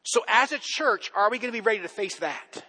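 A man's voice: high voice, lively intonation, a little fast, pushed and bright, slightly rough, big-room sound. A male pastor giving a conversational sermon, often repeating and restarting his words.

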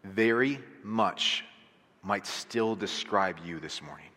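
A man's voice: on the low side, slow, bright, forceful tone. A man, a pastor, preaching a sermon in a conversational way with rhetorical questions, in a church sanctuary. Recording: long reverb of a large hall.

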